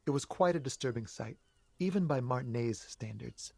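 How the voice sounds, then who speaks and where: A quiet, nervous young man. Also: animated, normal speed, creaky, dry recording. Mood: evasive. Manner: quiet, lowered voice, evasive.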